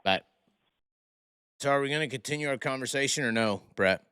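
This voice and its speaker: A man's voice: medium pitch, fairly quick, pushed and bright, clean tone. A man hosting a podcast in casual chat, rowdy and swearing in jest with his guests. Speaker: podcast host.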